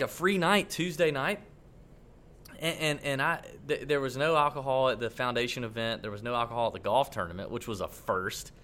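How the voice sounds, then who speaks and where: Give me a man with a middle-pitched voice telling a rambling, animated story on a podcast. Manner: animated, rambling, acts out quotes. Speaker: podcast co-host. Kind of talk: casual storytelling chat.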